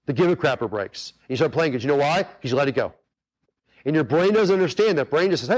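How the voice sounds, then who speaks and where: Casting: earnest male golf coach, fairly high-pitched, chatty and repetitive, addresses the audience directly. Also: lively intonation, brisk. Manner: earnest, repetitive, talks straight to the audience with many asides. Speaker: golf instructor hosting a webinar. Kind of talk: casual coaching talk.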